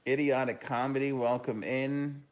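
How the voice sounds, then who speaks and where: A young man hosting a live hockey talk stream, reacting to a game and reading viewer comments, with bursts of loud enthusiasm. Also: medium pitch, flat delivery, moderate pace.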